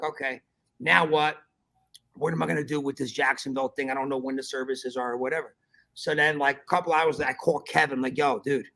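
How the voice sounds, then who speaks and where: A man hosting a podcast, telling a story in animated casual chat, swearing often and calling his listener bro. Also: mid-range voice, gravelly. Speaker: podcast host.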